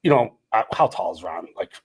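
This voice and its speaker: A man around fifty from Wisconsin, co-hosting a podcast and telling stories in a casual, animated way, acting out the dialogue as he goes. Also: fairly low pitch, a little fast, breathy edge. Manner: animated storyteller, acts out quoted dialogue. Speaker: podcast co-host, former college lineman. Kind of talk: casual storytelling chat.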